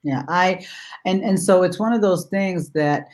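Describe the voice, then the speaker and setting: A woman dog trainer in casual conversation, speaking haltingly with many restarts and repeated words. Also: on the low side, a little mellow.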